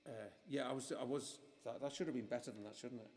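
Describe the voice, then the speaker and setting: A man's voice: mid-range voice, steady tone, quick pace, a little mellow, in a large hall. A man performing a live music stream, chatting casually between songs in a rambling, self-mocking way with many restarts. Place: music club venue. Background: guitar playing.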